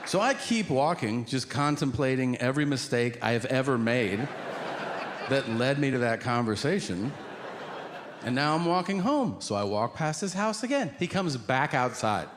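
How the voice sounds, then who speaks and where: A middle-aged man telling a stand-up story in a deadpan way and acting out the other people in it. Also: medium pitch, normal speed. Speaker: stand-up comedian. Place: theater stage before a laughing audience. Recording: live stage recording with audience noise.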